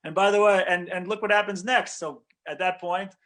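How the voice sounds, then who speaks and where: A man, a rabbi, giving an animated Torah lecture, talking conversationally and often checking in with "right?". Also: sits high, moderate pace. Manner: conversational, with frequent "right?" check-ins and restarts.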